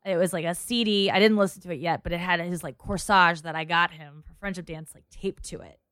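A woman's voice: on the low side, fairly even intonation, brisk, a bit bright, clear, resonant tone, dry recording, clean studio sound. A young adult woman in a casual chat, telling a long personal story and quoting the people in it.

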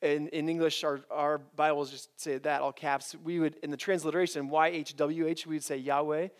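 Preaching to college students, a campus preacher speaks animatedly, restarting sentences and frequently asking "right?" His man's voice is on the high side, with a level tone at a normal pace.

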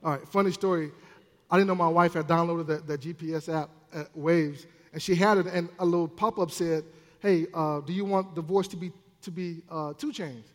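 A man minister preaching a sermon in an animated, playful way, with asides to the congregation. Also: a little high, moderate pace. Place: church sanctuary. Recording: long church hall reverb.

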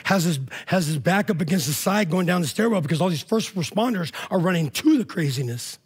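A man's voice: high voice, expressive, brisk, husky. A man preaching a sermon in a casual, emphatic way, often checking in with "all right?". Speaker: pastor.

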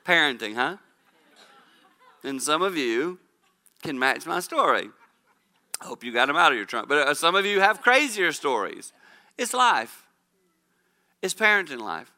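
A middle-aged man speaking at a women's church gathering, telling funny parenting stories with an animated, laughing delivery. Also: a little high, unhurried, long pauses. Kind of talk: humorous storytelling talk to a live audience.

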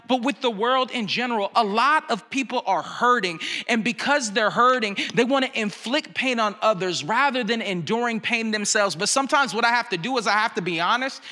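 High bright-voiced man preaching in a reverberant hall. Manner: candid, conversational storytelling to the congregation. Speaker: pastor. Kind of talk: sermon. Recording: long reverb of a large room.

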